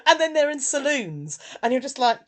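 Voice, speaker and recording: A woman co-hosting a casual film review chat, animated and quick to put on silly voices. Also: high-pitched. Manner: animated, puts on silly voices when quoting. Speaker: podcast co-host.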